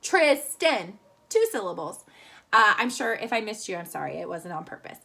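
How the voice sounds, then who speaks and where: A woman teaching a children's lesson over video from home, cheerful, slow and clear for young kids. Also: fairly low pitch, lively intonation, pushed and bright. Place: home room. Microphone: phone camera at arm's length.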